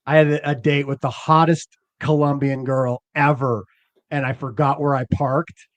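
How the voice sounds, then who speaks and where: A man chatting casually as a podcast host, rambling and self-deprecating, with halting restarts. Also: mid-range voice, little pitch movement, dry recording, dull audio. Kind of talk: casual chat.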